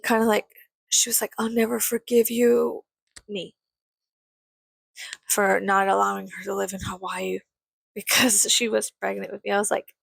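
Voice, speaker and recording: A woman's voice: medium pitch, flat delivery, moderate pace, gravelly, long pauses, slightly rough, no room sound. A tired young woman ranting casually about family, blunt, profane and sarcastic, sometimes muttering asides under her breath. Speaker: vlogger. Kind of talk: casual storytime rant.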